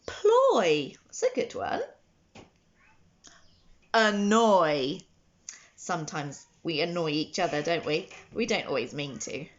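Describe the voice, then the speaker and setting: A woman teaches phonics to young children. She speaks slowly, breaks each word into separate sounds, and gives frequent praise. The recording sounds a little dull and lo-fi. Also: on the low side, sing-song. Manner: slow, sounding out words letter by letter with encouraging praise.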